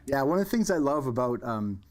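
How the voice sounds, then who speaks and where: A man's voice: medium pitch, big pitch swings, quick pace, darkish tone. Reflective male game developer. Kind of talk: promotional developer interview.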